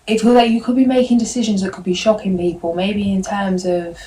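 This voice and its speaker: A woman giving a tarot card reading straight to her viewers, in a gentle, meandering and reassuring way. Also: medium pitch, fairly even intonation, a little fast, rough recording. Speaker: tarot reader.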